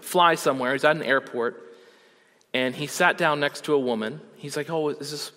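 A man's voice: medium pitch, moderate pace, bright, forceful tone. A man pastor preaching a sermon in a church, earnest, building to rising rhetorical questions. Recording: long hall reverb.

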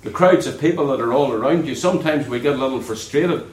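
A man preaching a sermon in an earnest way, dropping low and soft on key words. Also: fast, echoey room, rough recording.

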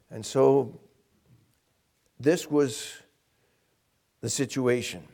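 A man's voice: mid-range voice, darkish tone. A man preaching a sermon as pastor, earnest and emphatic, asking the congregation direct questions.

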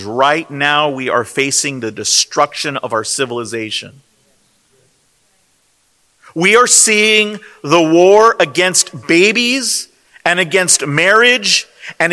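A man preaches in an emphatic, rhetorical style, his high, bright voice swinging widely in pitch. He takes his time, stressing single words one by one. A long hall reverb trails every phrase. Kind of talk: sermon. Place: convention hall.

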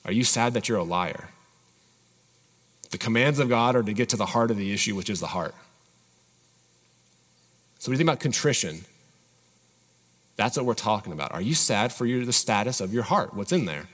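A man's voice: on the low side, lively intonation, normal speed, long pauses, fairly bright tone, in a large hall. A man preaching a sermon as pastor, earnestly putting searching questions to his congregation.

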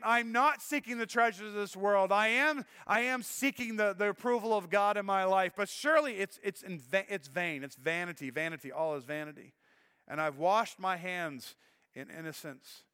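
A middle-aged man preaching a sermon as pastor, earnest, repeating words and swinging between loud and hushed. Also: sits high, clear, resonant tone, big-room sound.

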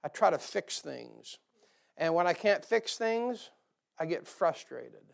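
A man's voice: fairly high pitch, big pitch swings, slow, gravelly. A man preaching a sermon to a church, folksy and joking, rising to emphatic bursts. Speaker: pastor. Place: church sanctuary.

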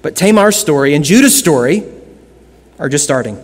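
Pastor, male, high voice, earnest sermon delivery, long hall reverb. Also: lively intonation, normal speed. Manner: earnest preaching, shifting between loud emphasis and hushed lines.

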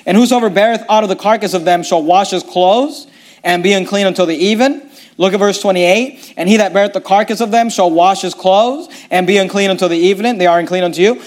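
High-voiced man teaching scripture. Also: a little mellow. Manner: reads scripture aloud, restarts and stumbles often. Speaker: preacher. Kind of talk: bible teaching sermon.

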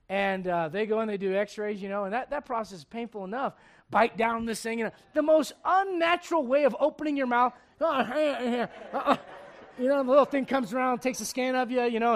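High-voiced preacher telling funny stories. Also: male voice. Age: adult. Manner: animated storytelling, acting out dialogue, laughing. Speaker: pastor. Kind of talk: sermon.

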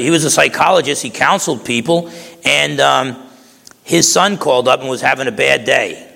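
Gravelly man preaching in a hall. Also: fairly high pitch, a bit bright. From New Jersey. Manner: folksy, repeats words, tells stories. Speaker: pastor. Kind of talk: sermon. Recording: long hall reverb.

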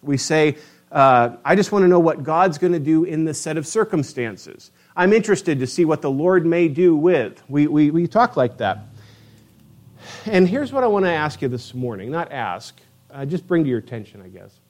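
A man preaching a sermon, animated and emphatic, asking his listeners rhetorical questions. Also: a little high, moderate pace. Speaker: pastor.

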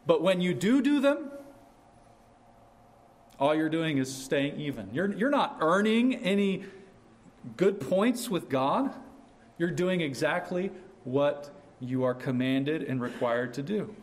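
A man preaching a sermon in a slow, earnest way, rising sharply on his questions. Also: a little high, lively intonation.

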